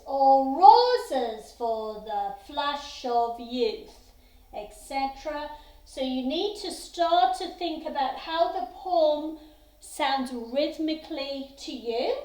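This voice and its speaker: A woman's voice: sits high, warm tone. A woman teaching a music theory lesson, giving patient step-by-step instructions. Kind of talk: classroom lesson to students. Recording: echoey room.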